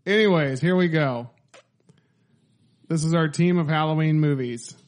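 A man's voice: fairly high pitch, moderate pace. A man co-hosting a casual podcast, laughing often and reading lists in a mock announcer voice. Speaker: podcast co-host. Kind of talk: casual chat, reading out list.

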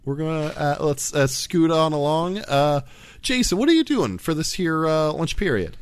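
Animated, joking game master man. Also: on the high side, moderate pace, clear, resonant tone, dry recording. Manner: joking, rambling with many fillers. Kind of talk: improvised tabletop role-play narration.

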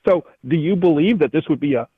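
A man's voice: fairly high pitch, animated, fast, husky, dry recording, narrow, tinny audio. A man calling in from an airport as the economist guest on a radio interview, speaking emphatically and with indignation. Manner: emphatic, indignant, repeats the host's name. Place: airport, calling in while traveling.

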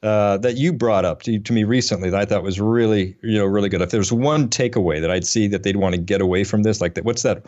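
Low-voiced guy hosting a podcast, rambly, joking at himself, kinda dull lo-fi sound. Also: fast, hardly any pauses, a little mellow. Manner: rambling, self-deprecating, many fillers and restarts. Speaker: podcast host. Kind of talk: casual conversational podcast. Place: Atlanta area.

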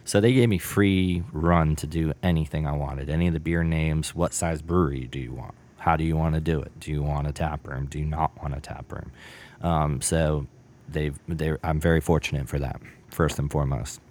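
Deep-voiced man telling a rambling story. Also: steady tone, moderate pace, a little mellow, a little hiss or hum. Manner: rambling, many fillers, acts out dialogue. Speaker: brewer and brewery co-founder. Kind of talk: casual interview storytelling.

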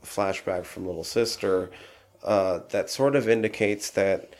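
A man's voice: sits low, fairly even intonation, measured pace, a little mellow. A man co-hosting a casual film talk, adding short points to his partner's retelling. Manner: chimes in with short additions. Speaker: podcast co-host.

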